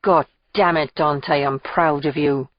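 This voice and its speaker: A woman reading the part of a boisterous, slightly drunk middle-aged man, in a loud, blustering manner, for an audiobook. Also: sits low, fairly even intonation, takes it slowly, no echo, lo-fi sound.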